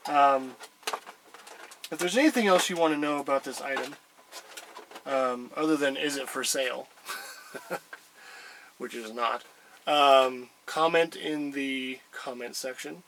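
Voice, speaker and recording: Man, casual collector chat, hesitant, lots of ums, average pitch. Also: fairly bright tone, slight background noise, poor audio. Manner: rambling, hesitant, many ums. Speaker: collector showing an item.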